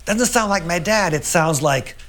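A storyteller voicing a brash young girl in a live children's story, with loud, high, drawn-out lines. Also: animated, close to an everyday voice. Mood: exasperated. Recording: live recording with audience noise.

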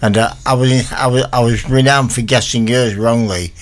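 A man's voice: mid-range voice, fairly even intonation, moderate pace. Chatty rambling radio man. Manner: rambling, self-mocking, chatty asides to listeners. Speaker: radio presenter. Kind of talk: casual radio chat between records.

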